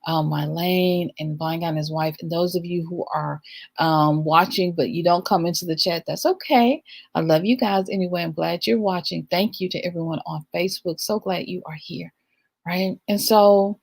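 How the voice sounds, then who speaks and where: Speaking to a live audience on her livestream, a middle-aged woman delivers a spiritual talk in an emphatic, rhythmic manner, repeatedly asking "right?". Her voice is on the low side with vocal fry, fairly even intonation, and a normal speed.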